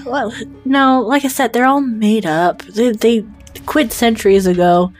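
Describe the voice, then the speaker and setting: A woman speaking slowly and deadpan as she plays a character in a tabletop role-play game. Her delivery stays weary and unhurried, with faint music playing behind her. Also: on the high side. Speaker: player voicing a character.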